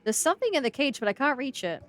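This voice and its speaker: A young Australian woman streaming a horror game and chatting casually with her viewers. She is excitable, thinks out loud, and breaks into loud yelling and laughter. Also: sits high, fast talker. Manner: chatty, talks to chat and thinks aloud. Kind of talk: casual live-stream commentary.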